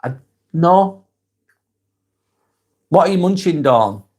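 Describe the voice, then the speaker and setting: Lancashire man hosting a live vlog, chatty and unhurried, lots of ums, sounds tired; read comments and reply warmly. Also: a little high. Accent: Lancashire English. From England. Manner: reads comments aloud and answers in a relaxed, chatty way with many ums and restarts. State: fatigued. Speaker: live-stream host. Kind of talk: casual live-stream chat reading comments.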